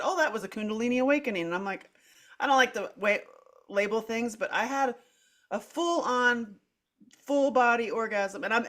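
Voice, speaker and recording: A woman's voice: medium pitch, a bit bright. A middle-aged woman hosting a candid conversation, telling a personal story animatedly with many "like" fillers, acting out her own quoted lines and laughing between phrases. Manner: frequent "like" fillers and restarts, laughs through speech. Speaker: podcast host.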